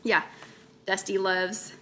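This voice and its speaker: A woman's voice: medium pitch, little pitch movement, slow, a bit bright, a little hiss or hum. A woman hosting a casual live-stream chat, rambling and greeting viewers mid-sentence. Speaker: host of a weight-loss chat livestream.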